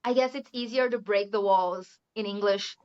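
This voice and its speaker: Speaking English with a Brazilian Portuguese accent, a woman who teaches English appears as a relaxed interview guest. Her smooth, mid-range voice moves at a moderate pace, punctuated by frequent laughter and repeated "you know"s, all captured on muffled, lo-fi audio.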